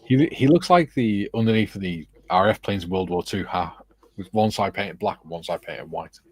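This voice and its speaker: Low husky man hosting a chatty stream. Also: expressive, moderate pace. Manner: chatty, laughs often. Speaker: livestream host. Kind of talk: casual chat, reading chat comments.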